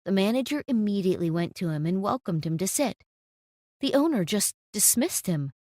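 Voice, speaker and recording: Animated woman storytime narrator. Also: mid-range voice, moderate pace, no echo, clean studio sound.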